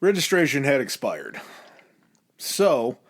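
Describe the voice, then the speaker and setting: A man's voice: mid-range voice, wildly swooping pitch, takes it slowly. A man co-hosting a casual, comedic history podcast, loose and profane. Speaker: podcast co-host.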